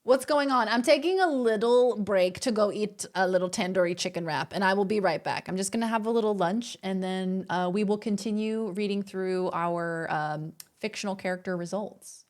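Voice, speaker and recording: A woman's voice: mid-range voice, normal speed, few pauses. A woman with an Australian accent, streaming and chatting playfully with her audience. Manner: playful, chatty, addresses chat as gamers. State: a little out of breath. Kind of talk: casual live-stream chat.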